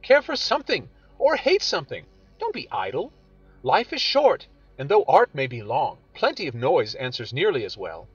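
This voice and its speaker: A man voicing a frank, teasing young woman who questions briskly and speaks in a bright, bossy way. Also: a little high, wildly swooping pitch, slightly rough, dry recording, heavily acted. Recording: dull audio with faint music.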